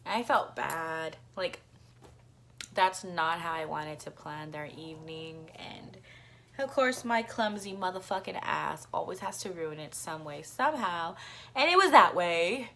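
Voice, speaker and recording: A woman's voice: lowish voice, lively intonation, measured pace, creaky, pushed and bright, a little hiss or hum. A young woman telling a casual storytime vlog, chatty, swearing freely and acting out the voices of the people in her story. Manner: chatty, swears a lot, acts out voices in quotes. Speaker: vlogger.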